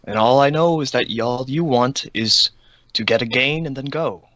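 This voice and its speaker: A smooth-talking stone-bodied adventurer who picks an accent on purpose and tries to talk his way out of a fight, played by a man at a tabletop game. The voice is bright and dry, with no room sound. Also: medium pitch, normal speed, no room sound, dull audio, lightly acted. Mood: reasonable.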